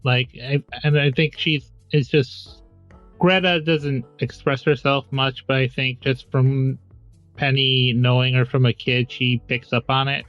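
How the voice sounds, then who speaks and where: A man's voice: medium pitch, little pitch movement, a little slow, no echo, dull audio, faint music behind. A man playing a tabletop role-playing game, eagerly explaining his character's moves. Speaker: player.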